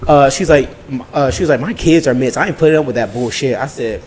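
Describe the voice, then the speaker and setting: A man co-hosting a podcast, telling a story in a casual, animated way, full of swearing and acted-out quotes. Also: mid-range voice, quick pace, poor audio. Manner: animated, profane, acts out quotes. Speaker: podcast co-host.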